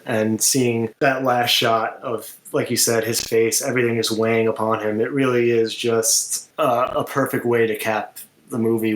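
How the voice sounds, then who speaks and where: A man's voice: medium pitch, reverberant. A man co-hosting a podcast, chatting casually about a film and rambling with lots of filler words. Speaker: podcast co-host. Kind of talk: casual film review chat.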